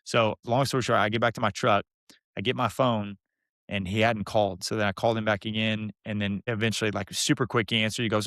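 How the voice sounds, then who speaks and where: A man's voice: fairly low pitch, a little fast, dry recording, studio quality. A young man telling a long story as a podcast guest, acting out the people in it. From Texas. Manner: animated, mimics the people in his stories. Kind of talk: casual storytelling.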